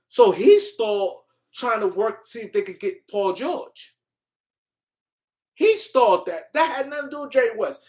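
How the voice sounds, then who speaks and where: This is a woman with a slightly high voice, hosting a sports commentary stream. She argues heatedly with her viewers, circling back to her points with repetitive insistence. Her delivery is loose and unscripted. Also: lively intonation, a little slow, a little mellow. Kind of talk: live-stream sports rant.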